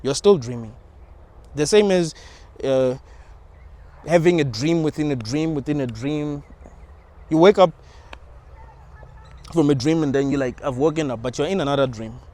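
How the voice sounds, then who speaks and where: A young man with a fairly high voice talks loosely and informally, restarting his sentences and dropping in slang. He muses aloud in an unscripted monologue. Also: unhurried, pauses often, mellow. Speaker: channel host. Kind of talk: casual spiritual monologue.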